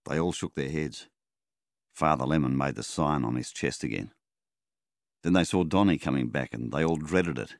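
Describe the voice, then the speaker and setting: A man reading a novel aloud as an audiobook narrator, measured and even. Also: very deep voice, gravelly, no room sound, clean studio sound. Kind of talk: scripted narration.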